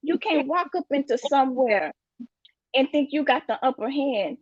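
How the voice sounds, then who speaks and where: A woman's voice: high-pitched, animated, moderate pace, no echo, dull audio. A woman giving an emphatic, preachy motivational talk about finances, repeating her catchphrases. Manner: preachy, repeats "you get what I'm saying". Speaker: guest speaker on finances.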